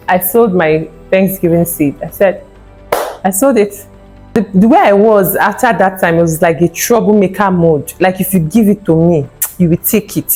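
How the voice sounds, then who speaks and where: This is a vlogger in her thirties giving a fertility testimony, telling it earnestly and with feeling while acting out quotes. She speaks in a lowish, dark-toned voice on a low-quality recording.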